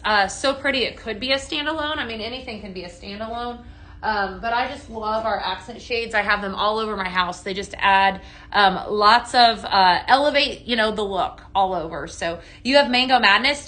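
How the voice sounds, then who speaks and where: A woman's voice: on the high side, animated, moderate pace, bright, forceful tone. A woman hosting a live home-fragrance sales stream, chatty and full of ums and okays, greeting viewers by name while demonstrating products.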